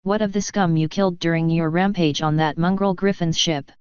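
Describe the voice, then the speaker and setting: Woman reader as a honeyed, condescending monster mare, low and very clear voice, storybook reading. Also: fairly even intonation, fairly quick, darkish tone, no room sound, muffled recording, natural voice. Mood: taunting. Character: sinister fanged female pony doppelganger, mocking.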